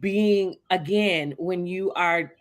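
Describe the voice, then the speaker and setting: A woman talks through a casual panel chat with a slightly low voice. She rambles with a lot of filler words and speeds up in quick bursts. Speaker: co-host.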